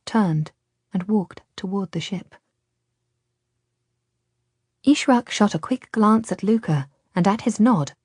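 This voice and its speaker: A woman narrates an audiobook, telling the story in a calm, measured way. Her pitch is fairly low, and the sound is clean studio audio without any room sound.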